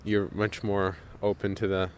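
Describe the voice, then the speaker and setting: A man with a very low voice tells a personal story for a radio show. He talks emphatically and keeps repeating words for effect. Faint street noise sits behind him. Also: completely flat delivery, normal speed, darkish tone.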